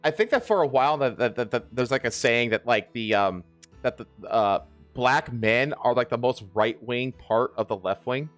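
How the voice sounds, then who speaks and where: A man hosting a podcast, talking casually and haltingly with many fillers and restarts. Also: mid-range voice, animated, a bit bright, faint music behind. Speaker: podcast host. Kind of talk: casual political chat.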